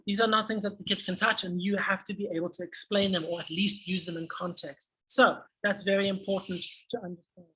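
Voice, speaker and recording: A woman explaining a lesson plan to other teachers in a teacher training tutorial, energetic and acting out classroom prompts. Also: medium pitch, fairly quick, hardly any pauses, slightly rough, rough recording.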